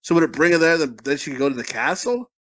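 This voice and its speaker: A man's voice: fairly high pitch, sing-song, fast, fairly bright tone. A man co-hosting a podcast, rambling through crude stories with lots of fillers and profanity. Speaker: podcast co-host. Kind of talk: casual crude comedy chat.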